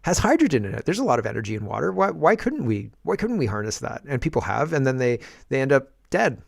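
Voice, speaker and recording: A man's voice: medium pitch, sing-song, fast talker, gravelly, dry recording, clean studio sound. A man who hosts a casual political commentary show, talking sarcastically with chuckling asides. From Canada.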